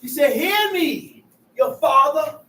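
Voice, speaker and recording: High-voiced guy preaching loud, shouting verses back, echoey and far from the mic. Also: lively intonation, slow. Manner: loud, emphatic preaching with shouted repeats of scripture. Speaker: street preacher teaching from scripture. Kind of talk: call-and-response sermon.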